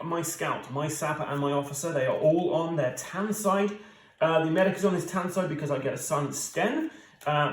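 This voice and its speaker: On the high side and heard through poor, reverberant audio, this thirty-something British man runs a solo board game playthrough, chatting casually to his viewers with plenty of fillers.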